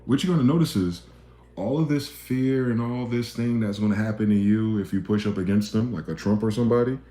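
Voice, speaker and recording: A man delivering a blunt, profane monologue rant, swinging between loud outbursts and low, muttered asides. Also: brisk, reverberant. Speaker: video commentator.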